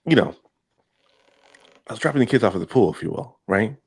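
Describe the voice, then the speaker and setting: Gravelly man with a lively voice. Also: fairly low pitch, a little fast. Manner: crude joking, repeats himself. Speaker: podcast co-host. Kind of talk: casual chat.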